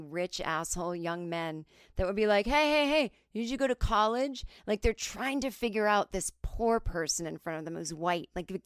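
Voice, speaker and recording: A woman in her forties, a podcast host, tells a comic story solo in a chatty manner, briefly doing animated impressions of other people's voices. Her medium-pitched voice has a clean tone, recorded dry with studio quality.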